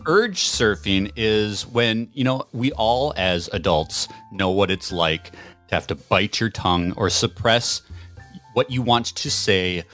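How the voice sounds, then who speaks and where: Wry low-voiced man hosting a podcast. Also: slow, fairly bright tone, soft background music. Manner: wry, rambling with fillers. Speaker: podcast host. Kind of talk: casual podcast chat.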